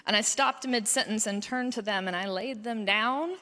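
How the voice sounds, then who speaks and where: A woman in her thirties gives a heartfelt testimony at a conference, speaking in a fairly high, bright voice. She tells her story with earnest feeling, and her voice lifts when the emotion builds. Long reverb from the large hall trails behind each phrase. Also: moderate pace. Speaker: pediatrician speaking at a mission conference. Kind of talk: personal testimony talk.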